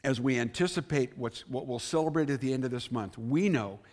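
A man preaching a sermon as pastor, earnest, rising on key words and then dropping softly. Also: medium pitch, fairly quick. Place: church sanctuary.

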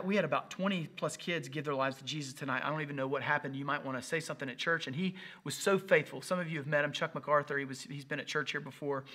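A man preaching an Easter sermon on a livestream. He builds phrases through repetition and swings from loud emphasis to a near whisper. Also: a little high. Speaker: pastor.

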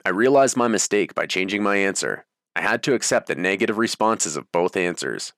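A man narrating a first-person memoir audiobook in a steady, even reading voice. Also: on the low side, brisk, hardly any pauses, dry recording, studio quality.

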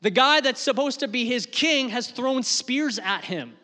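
A man's voice: extremely high pitch, animated, measured pace. Preaching man in a reverberant hall. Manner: rises to loud emotional peaks, then drops to soft. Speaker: pastor. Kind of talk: sermon.

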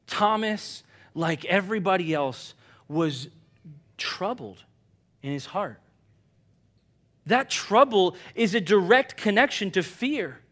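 Animated, high-voiced male preacher. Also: slow pace, long pauses. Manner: animated and conversational, with sudden quiet drops. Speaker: pastor. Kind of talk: sermon.

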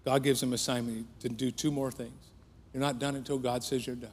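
Pastor guy preaching, gets loud then goes hushed, big echoey church sound. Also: medium pitch, little pitch movement, brisk, a little hiss or hum. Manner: impassioned preaching that swells then drops to a hush. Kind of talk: sermon. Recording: long hall reverb.

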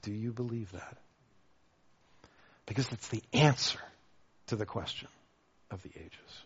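A man preaching a sermon as pastor, lively and repeating words as he restarts his thoughts. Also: on the low side, unhurried, pauses often, breathy edge. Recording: dull lo-fi sound.

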